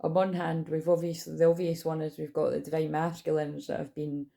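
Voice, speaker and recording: Gravelly-voiced woman rambling about tarot. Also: level tone, brisk, dark tone. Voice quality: gravelly low voice. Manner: rambling, self-correcting, chatty. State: slightly sore throat. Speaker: tarot reader. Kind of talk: casual spiritual channeling talk.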